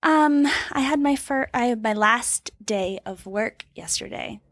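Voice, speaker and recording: A woman's voice: a little high, a little slow, fairly bright tone, dry recording. A woman co-hosts a casual podcast chat in a dry, close-sounding recording. She talks freely with playful asides and frequent laughter. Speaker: podcast co-host.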